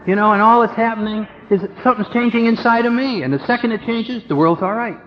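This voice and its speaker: A man stands before a recovery meeting and tells his story with humor and animation, his voice sitting fairly high. The old tape is dull and muffled, and a long echo from the hall hangs behind every phrase. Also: fast talker, few pauses. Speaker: AA speaker.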